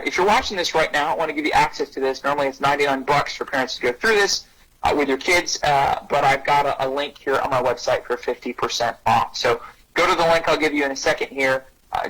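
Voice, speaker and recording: A man giving an energetic parenting talk on bullying who acts out short dialogues in a raised voice. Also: poor audio. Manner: energetic, acts out little dialogues with rising pitch. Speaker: anti-bullying speaker and parenting coach.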